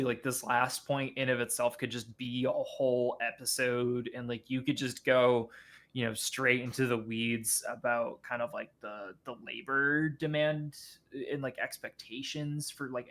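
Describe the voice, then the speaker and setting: A man talking casually as a podcast guest. He speaks haltingly, circling back and restarting his sentences, with a voice of middling pitch. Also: fairly even intonation, a bit bright. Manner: halting, many fillers and restarts.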